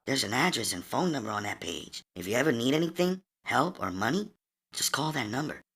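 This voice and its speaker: Audiobook role: husky, soft-spoken flirtatious widow, pitched well up and quiet, read by a man. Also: sing-song, a little fast. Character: husky-voiced wealthy widow, coolly flirtatious. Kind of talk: audiobook character voice.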